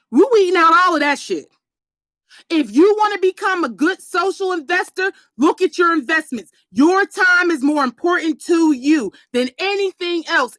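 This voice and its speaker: Very high-voiced woman ranting bluntly. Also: dry recording. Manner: blunt, profane and preachy, with emphatic shouting. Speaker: motivational live-streamer. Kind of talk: profane motivational rant on a live stream.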